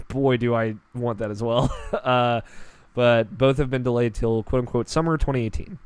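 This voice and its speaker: A man hosting a casual gaming podcast, rambling in a relaxed way and swearing now and then. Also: mid-range voice, normal speed, clear, resonant tone. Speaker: podcast host.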